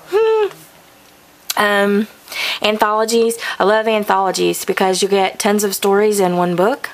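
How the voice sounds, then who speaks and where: A woman's voice: medium pitch, normal speed, a little hiss or hum. A young adult woman giving a casual, rambling bookshelf tour in her home studio, full of ums and likes, recorded on a camcorder. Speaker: vlogger. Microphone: camcorder mic.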